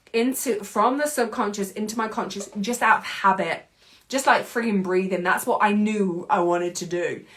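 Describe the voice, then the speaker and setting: A woman in her thirties hosting a podcast, giving an emphatic, casual motivational monologue in quick bursts, with the odd mild curse. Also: mid-range voice, fairly bright tone. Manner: casual, with mild swearing and laughs. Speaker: podcast host and anxiety coach.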